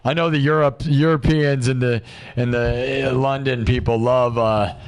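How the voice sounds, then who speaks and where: A young man hosting a livestream, chatting casually and excitably, full of "dude" and "like", and rattling off supporters' names. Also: mid-range voice. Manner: excitable, loose, peppered with "dude" and "like"; reads out supporters' names in a quick list. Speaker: livestream host. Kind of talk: casual rambling livestream chat.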